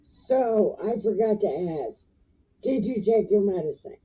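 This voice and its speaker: A woman's voice: medium pitch, animated, unhurried, mellow, slightly rough. A woman hosting a show, retelling Bible stories in a jokey, profane, slangy way. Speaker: host reading the Bible. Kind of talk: irreverent comic Bible retelling. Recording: tinny phone-like sound.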